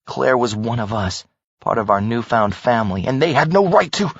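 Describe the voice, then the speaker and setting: Male audiobook narrator, husky, animated pitch, dull dry recording. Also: normal speed, no room sound. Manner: dramatic, expressive. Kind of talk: first-person audiobook narration.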